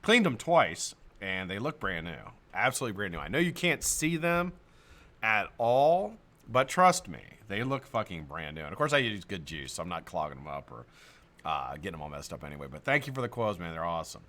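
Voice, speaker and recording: A man's voice: low voice, big pitch swings, fairly quick, fairly bright tone. An American man hosting a live stream in casual chat, greeting viewers by name, swearing and laughing often.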